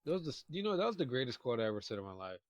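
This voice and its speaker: Talking with a mouthful, this young podcast co-host spins a long, rambling story full of fillers and false starts. His mid-range voice is sing-song and rapid-fire, recorded with no echo.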